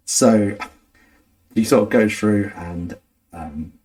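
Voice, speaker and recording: A young man hosting, chatting casually and rambling through a story, full of "like" and "sort of" and quick laughs. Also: on the low side, a little mellow, poor audio. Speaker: host.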